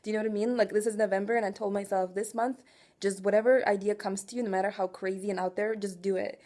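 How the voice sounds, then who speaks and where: A woman in her twenties venting in an emotional confessional rant, raw and profane, swinging from quiet weariness to loud exasperation and asking again and again whether you follow her. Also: mid-range voice, steady tone, fast. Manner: raw, profane, keeps asking "do you know what I'm saying". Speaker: vlogger.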